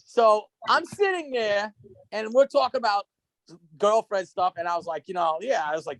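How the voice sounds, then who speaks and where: A young man on a casual podcast tells rambling, profane stories as a guest, laughing as he goes. His voice is high-pitched and a bit bright, his pace moderate, with no room sound.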